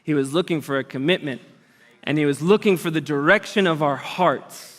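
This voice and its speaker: High-voiced preaching man in a reverberant hall. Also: normal speed. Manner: earnest, conversational preaching with lively emphasis. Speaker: pastor. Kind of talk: sermon. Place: church auditorium.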